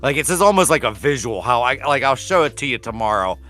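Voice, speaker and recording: Man, bright voice, middle pitch, relaxed casual storytelling, laughs often, podcast co-host, faint music behind. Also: quick pace. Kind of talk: casual chat.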